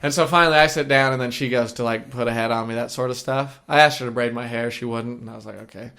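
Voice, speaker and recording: A man's voice: medium pitch, steady tone, fast talker, sharp tone. A man co-hosting a podcast, telling a rambling, crude story in casual chat and laughing as he goes. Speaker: podcast co-host. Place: shared room with co-host.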